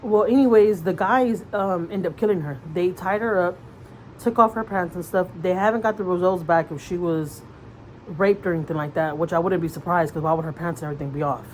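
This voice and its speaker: A woman vlogger with a fairly low voice tells a long story to her camera. Her delivery is casual and rambling, with lots of fillers and restarts. She sounds earnest and conversational throughout. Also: a little fast, a little mellow, slight background noise, low-quality recording. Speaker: mother vlogger.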